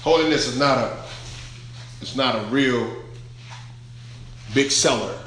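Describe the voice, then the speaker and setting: A man's voice: medium pitch, takes it slowly, a bit bright, echoey room, slight background noise. A man preaching a verse-by-verse Bible sermon, emphatic, stretching key words out and putting questions to the congregation. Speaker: pastor.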